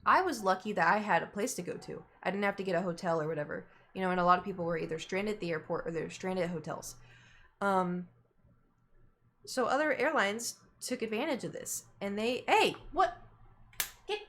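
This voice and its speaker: A woman's voice: mid-range voice, a little fast, fairly bright tone. A woman streamer chatting casually on a live stream, telling a story and breaking off to scold her cat in exasperated asides.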